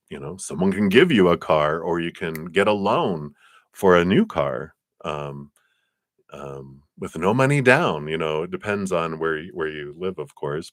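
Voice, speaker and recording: A man's voice: no room sound, studio quality. A man doing tarot card readings on a live stream, talking in a loose, spiritual way with many fillers. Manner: acts out quoted voices with big pitch jumps.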